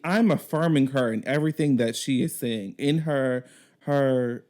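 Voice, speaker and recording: A man co-hosting a podcast, telling a story in casual, animated chat and swearing now and then. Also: mid-range voice. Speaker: podcast co-host.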